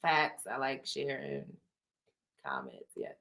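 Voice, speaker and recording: Bright-voiced laughing woman stream host. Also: rumbling low, very animated, takes it slowly, creaky. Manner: laughing often, profane and playful. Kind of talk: casual live stream chat reading comments.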